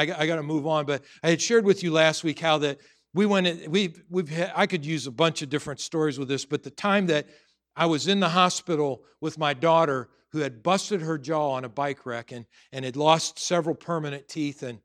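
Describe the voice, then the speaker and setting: A middle-aged man preaches from the pulpit in a somewhat high voice. He tells his stories earnestly, stumbling and restarting as he goes. Then he presses his points home with emphatic conviction. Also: normal speed, a bit bright. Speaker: pastor. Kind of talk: sermon.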